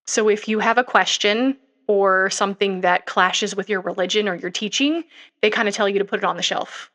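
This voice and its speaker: On a casual true-crime podcast, a young co-host speaks at a moderate pace in a mid-range, slightly bright voice. Her retelling of the story rambles, packed with fillers and tangents.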